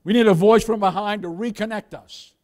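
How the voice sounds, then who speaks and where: A man preaching a sermon as pastor, swinging from loud exhortation down to near-whispers, with many calls of "beloved" and "Amen?". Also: high-pitched, brisk, big-room sound. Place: church sanctuary.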